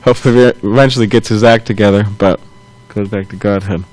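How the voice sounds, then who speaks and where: A man's voice: on the low side, steady tone, darkish tone, no echo, faint music behind, low-quality recording. Man telling a scripture story, chuckling. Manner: loose, halting retelling with chuckles and self-corrections. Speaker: temple class speaker.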